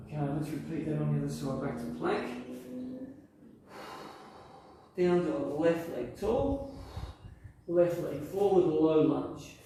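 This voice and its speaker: A man leading a power yoga class with calm, encouraging step-by-step cues. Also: on the high side, measured pace, heavy reverb, far from the mic, noisy background. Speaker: yoga instructor. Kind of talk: guided workout instruction.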